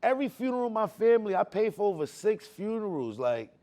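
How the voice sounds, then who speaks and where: A man telling his personal faith testimony in casual slang, emotional, repeating words for emphasis, swinging between hushed and loud. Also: high-pitched, sing-song, quick pace. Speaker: testimony speaker.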